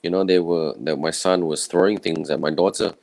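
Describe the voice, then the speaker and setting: A man from Malaysia, speaking in a croaky, tired voice in an earnest, conversational personal talk to camera. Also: deep voice, steady tone, a little fast, darkish tone, no room sound. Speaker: summit speaker. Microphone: own camera setup with a clip mic.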